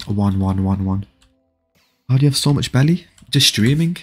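A man's voice: fairly low pitch, normal speed, husky. A young man streaming a game live, chatting with viewers and urging a friend to fight. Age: young adult. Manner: excitable, pleading and laughing, talks to chat. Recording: faint background music.

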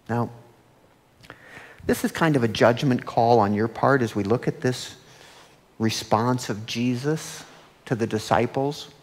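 A man preaches to his congregation in a relaxed, conversational way, tossing out rhetorical questions as he goes. His voice sits at an ordinary pitch and swings from loud, emphatic stretches to hushed ones. The sound carries a long reverb from the church hall. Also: husky. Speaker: pastor. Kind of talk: sermon. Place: church sanctuary.

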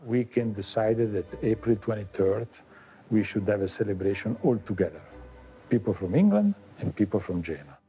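Italian-accented man, warm low voice, faint music under him. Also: expressive, moderate pace. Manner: earnest, proud, joking. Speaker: interviewee. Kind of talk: casual interview talk.

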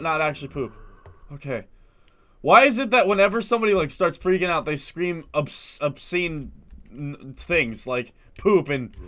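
A young man with a stuffy nose provides horror game commentary in a high, bright voice. His pitch swings widely as he drops to low, slow muttering and then bursts into sudden frightened yelps. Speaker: gaming video host.

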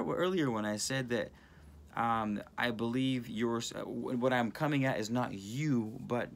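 Excitable rambling man on phone. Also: mid-range voice. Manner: animated, rambling, excitable with many restarts. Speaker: channel host. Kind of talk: casual spiritual talk filmed on phone.

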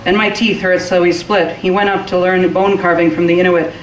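A woman's voice: on the low side, steady tone, fairly quick. A woman giving a live reading of a short story, rolling expressively through long rhythmic lists. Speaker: reader. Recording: roomy and distant from the mic, faint hiss.

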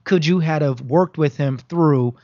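A man's voice: on the high side, unhurried, dry recording. A man telling stories in casual talk show chat and acting out the quoted lines of people he describes. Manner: animated storyteller, acts out quotes. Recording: dull lo-fi live stream audio.

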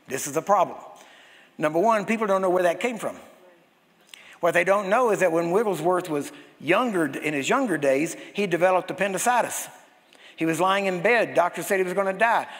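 Male pastor, high voice, animated sermon storyteller, recorded in an echoey hall. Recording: long hall reverb.

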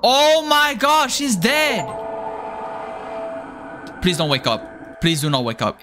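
A man's voice: very high voice, wildly swooping pitch, takes it slowly, long pauses, sharp tone, a little hiss or hum. A man giving horror game commentary, jumpy and panicky but joking and talking to himself as he plays. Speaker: gaming streamer.

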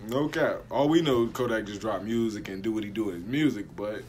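A man's voice: lowish voice, fairly quick, a little mellow, slight background noise. A young man co-hosting a reaction video, laid-back, giving short agreeing replies in casual chat. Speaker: co-host.

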